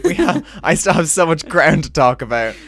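A man's voice: on the high side, huge pitch swings, moderate pace, crowd noise. A young man co-hosting a podcast, rambling through gossip with frequent laughs. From Ireland. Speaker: podcast co-host. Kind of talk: casual chat.

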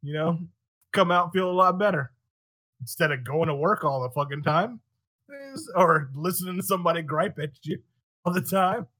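A man hosting a podcast in casual chat, animated, swearing freely and laughing often. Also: fairly high pitch, moderate pace, dry recording. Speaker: podcast host.

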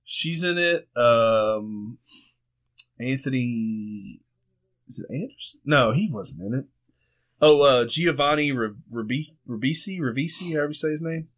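A man's voice: mid-range voice, expressive, unhurried, fairly bright tone. A man casually chatting and joking while watching a film with a friend, laughing often. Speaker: co-host of a movie commentary. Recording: home room, TV audio.

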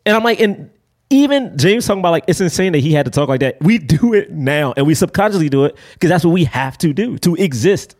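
A young man co-hosting a casual film-review podcast, talking in an emphatic, animated way with casual swearing. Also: on the high side, quick pace. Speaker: podcast co-host.

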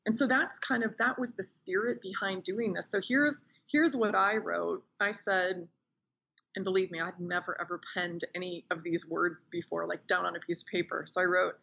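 A woman's voice: fairly low pitch, normal speed, vocal fry, breathy edge, lo-fi sound. A woman talking as a podcast guest, telling personal stories with enthusiasm in a casual interview. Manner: enthusiastic, animated storyteller.

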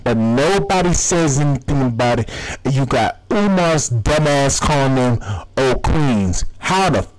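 A man's voice: medium pitch, lively intonation, moderate pace, a little hiss or hum, low-quality recording. A man from the United States, hosting a podcast and delivering a heated, profanity-laced solo rant. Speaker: podcast host.

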